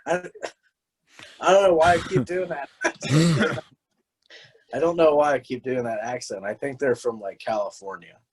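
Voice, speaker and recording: A man's voice: medium pitch, a little slow, pauses often, noisy background. Rambling, foul-mouthed young man. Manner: rambling, profane, restarts often. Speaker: podcast co-host. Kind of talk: casual chat.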